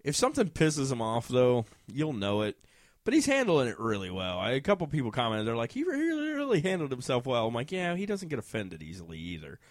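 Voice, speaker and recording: A man's voice: medium pitch, wildly swooping pitch, a little fast, dry recording, studio quality. A man telling a casual story, often laughing and acting out what other people said.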